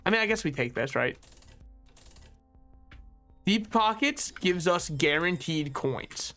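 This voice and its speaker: A man's voice: a little high, a bit bright. A young man streaming a video game, chatting casually while he plays, cracking self-deprecating jokes and swearing freely. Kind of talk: casual gameplay commentary. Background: game music.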